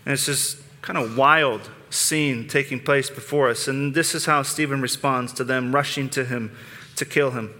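Bright-voiced man preaching in a hall. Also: medium pitch, fairly even intonation, moderate pace. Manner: conversational preaching with frequent restarts. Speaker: pastor. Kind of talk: sermon.

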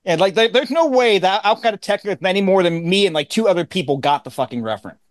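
A man co-hosting a podcast in casual chat, emphatic and quick to swear, with stumbling restarts. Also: high voice, animated, dry recording. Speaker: podcast co-host.

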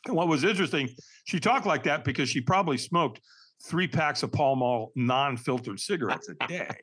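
Male guest, 60s, mid-pitched, emphatic and animated, candid storyteller. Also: moderate pace, breathy edge. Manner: animated, emphatic, laughs through hard memories. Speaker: podcast guest.

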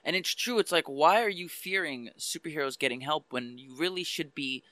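A man talks earnestly on a podcast, often halting and restarting. His voice is bright and a little high. The sound is close and dry. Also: no room sound. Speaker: podcast co-host. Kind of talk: casual chat.

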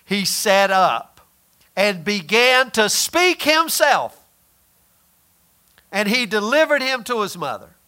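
A man preaching a sermon who asks the listeners questions and answers them himself, drawling some phrases slowly for emphasis. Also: high-pitched, very animated, pushed and bright.

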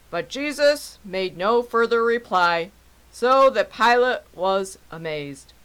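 A woman reading scripture as a mock news report, in a measured, deliberate way. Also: high voice, pushed and bright, rough recording. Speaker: mock newscaster and scripture reader.

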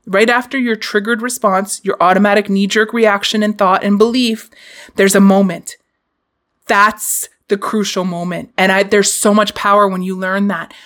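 A woman's voice: medium pitch, a bit bright. A woman hosting a podcast, giving a candid, casual motivational talk and swearing freely. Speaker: podcast host.

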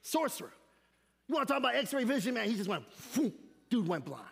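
A man preaching an animated sermon as a guest speaker, with slangy asides and shouted emphasis. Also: very high voice, fairly quick, creaky, husky, in a large hall. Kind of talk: energetic sermon. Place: church sanctuary.

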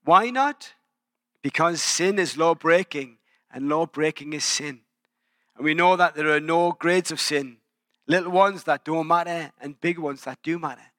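A man's voice: a little high, moderate pace, bright, forceful tone, no room sound, clean studio sound. A man in his forties with an English accent, preaching a sermon in a church and telling personal stories in a conversational, self-deprecating way. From England. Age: 40s. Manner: conversational, self-deprecating storytelling with frequent restarts. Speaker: pastor.

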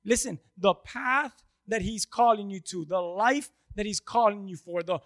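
Man, preacher, very high voice, impassioned sermon, builds to shouting. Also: moderate pace. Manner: impassioned, rising to shouts, repeats words.

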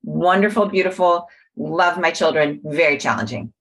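Low, husky-voiced woman explaining earnestly. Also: normal speed. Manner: earnest, explanatory, warm-hearted teaching tone. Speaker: guest, mindfulness teacher. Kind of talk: casual podcast conversation.

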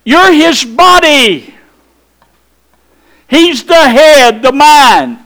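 A man delivers a sermon in a very high-pitched voice. He preaches slowly and emphatically, drawing out his phrases and putting rhetorical questions to his congregation. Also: lively intonation, fairly bright tone. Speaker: pastor.

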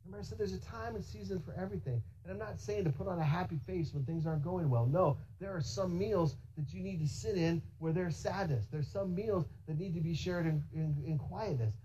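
A pastor preaching a sermon in an animated way, asking the congregation rhetorical questions and speaking to them directly. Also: mid-range voice, slight background noise, rough recording.

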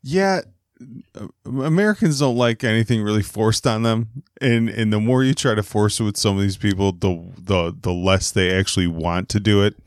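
Male co-host, low voice, sardonic, swears, dry sound. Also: normal speed, clear, resonant tone, no room sound. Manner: sardonic, profane, laughing. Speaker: podcast co-host. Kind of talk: casual podcast chat.

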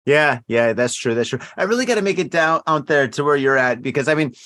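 A man's voice: a little high, fast talker, no room sound, studio quality. A man co-hosting a podcast in casual late-night chat, rambling with lots of fillers, tired and a little drunk. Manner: rambling, filler-heavy, tipsy and relaxed. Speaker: podcast co-host.

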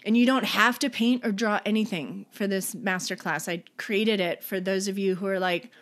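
A woman's voice: mid-range voice, steady tone, normal speed, few pauses, fairly bright tone. A woman artist and author chatting as a podcast guest, enthusiastic and filled with ums and likes. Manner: enthusiastic, uses many fillers. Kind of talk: casual interview chat.

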